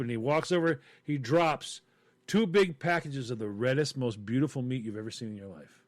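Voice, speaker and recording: A man chatting casually, telling a story with lively acted-out quotes. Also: medium pitch, brisk, no room sound. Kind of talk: casual chat.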